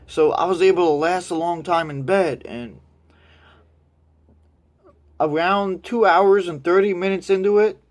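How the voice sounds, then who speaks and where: A young man tells a story in a loose, rambling way, swearing freely. His voice sits fairly high for a man. He gets animated whenever he imitates the people in the story. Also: measured pace, long pauses. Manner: crude, rambling, animated when quoting others. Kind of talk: casual storytelling.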